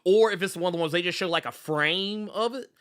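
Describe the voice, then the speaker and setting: A man hosting a podcast in a casual chat, animated and rambling, laughing often. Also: sits high, a little fast. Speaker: podcast host.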